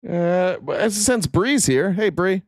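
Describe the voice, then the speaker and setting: A man's voice: high-pitched, expressive, takes it slowly, no room sound, clean studio sound. A man hosting a podcast, giving sarcastic, mocking political commentary on video clips. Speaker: podcast host.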